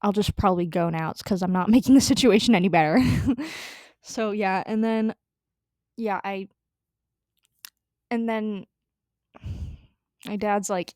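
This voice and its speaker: A woman's voice: medium pitch, a little slow, pauses often, a little mellow, no echo, studio quality. A young woman telling a story in a casual, rambling way, full of fillers, restarts and swearing. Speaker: storytelling vlogger.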